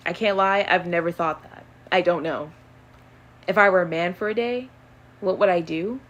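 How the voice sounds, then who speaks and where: A young woman casually answering would-you-rather questions on her own channel, chatty and animated, with plenty of fillers. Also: fairly low pitch, moderate pace, lo-fi sound. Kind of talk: casual chat.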